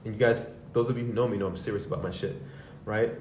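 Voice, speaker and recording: A man hosts a live talk, speaking loosely and frankly, swearing now and then. His voice is mellow and darkish, heard from some distance in an echoey room. A faint hiss sits behind it. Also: fairly low pitch, steady tone, quick pace. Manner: loose, conversational, swearing, acts out quoted voices. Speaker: host. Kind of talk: candid personal talk to a live audience.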